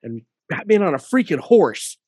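Male co-host, fairly high voice, emphatic and enthusiastic, close dry mic. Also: big pitch swings, moderate pace, darkish tone, slightly rough, no echo. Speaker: podcast co-host. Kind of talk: casual chat.

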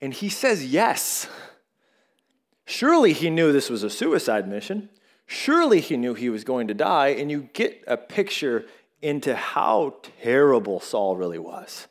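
Animated male pastor preaching a sermon. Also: mid-range voice, unhurried. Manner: animated storytelling with shifting emphasis.

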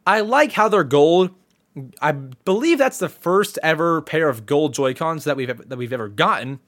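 A man hosting a casual solo podcast, talking in an excitable way and often clearing his throat. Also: a little high, moderate pace. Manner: excitable, animated. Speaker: podcast host.

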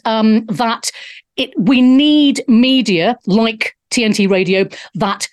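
A woman from England hosting a live talk show, brash, jokey and outspoken in her monologue. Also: medium pitch.

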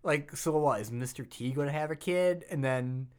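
A man's voice: fairly high pitch, moderate pace. A man co-hosting a casual podcast, leading the topics in a rambling way, full of "like" and "um". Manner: rambling, lots of fillers and like. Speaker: podcast co-host. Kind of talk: casual chat.

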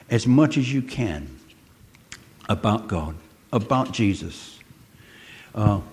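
An older man giving a sermon, telling stories in a chatty way and asking his listeners questions. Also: on the high side. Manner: chatty storytelling, asks the congregation questions. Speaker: preacher.

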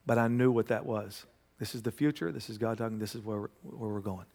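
A pastor preaching a sermon, telling stories and building to loud, emphatic passages. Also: male voice, lowish voice, a little fast, vocal fry. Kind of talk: sermon with storytelling. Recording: long hall reverb.

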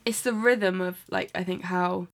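A woman's voice: lowish voice, fairly even intonation, creaky. A young woman from New Zealand with an English accent and a faint Kiwi twang, chatting casually on a podcast, giggly and full of "like". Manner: quick, giggly, uses "like" a lot. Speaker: podcast co-host. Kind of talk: casual chat.

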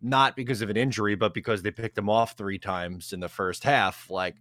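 Lower-voiced man rambling in sports talk. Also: fairly even intonation, fairly quick, a bit bright, no room sound, studio quality. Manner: rambling, full of fillers like "like". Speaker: co-host.

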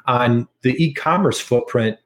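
An enthusiastic middle-aged American man talking as a guest on a podcast. His voice sits at an ordinary pitch, and he stresses his points by repeating them. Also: unhurried, fairly bright tone. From United States. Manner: enthusiastic, repeats key figures for emphasis. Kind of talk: casual interview chat.

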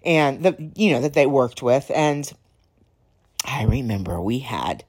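A woman hosting a podcast, telling stories in a casual, rambling way, slightly hoarse and clearing her throat now and then. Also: rumbling low, expressive, measured pace, darkish tone. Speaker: podcast host. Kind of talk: casual storytelling.

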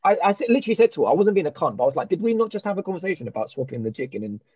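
A man, hosting a podcast and telling a long story in animated, sweary casual chat. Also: sits high, racing, husky, no echo, highs cut off. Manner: animated, swears a lot, with many restarts and reported speech. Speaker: podcast host.

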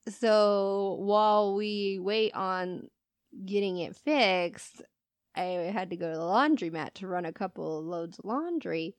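A woman's voice: medium pitch, a little slow, clean tone, no echo. A woman co-hosting a podcast, telling stories in casual chat, laughing often and swearing as she acts out the people in them. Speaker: podcast co-host.

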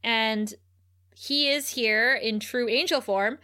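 A young woman co-hosts a casual podcast, retelling scenes with frequent laughter. Her voice is bright and sits a little high. She slips into livelier, higher tones when she acts out what characters say. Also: takes it slowly. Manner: laughs often, acts out quotes with raised pitch. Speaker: podcast co-host. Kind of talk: casual recap chat.

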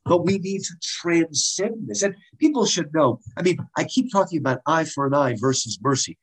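Husky man explaining Greek drama. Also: fairly high pitch, moderate pace, poor audio. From United States. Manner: animated, digressive, many restarts. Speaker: guest lecturer on Greek drama. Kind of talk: casual explanatory talk.

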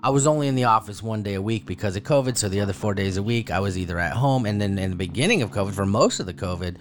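A man on a podcast in casual chat, telling stories with lively acted-out quotes and free swearing. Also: racing. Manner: animated storyteller, jumps high when acting out quotes; swears freely. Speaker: podcast co-host.

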